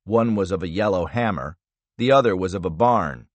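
Man narrating a thriller audiobook, lowish voice, lots of pitch movement, dry sound. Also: expressive, normal speed, no echo.

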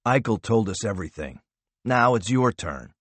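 A man's voice: on the low side, big pitch swings, moderate pace, a bit bright, no echo. A man doing a cold, relentless interrogator.

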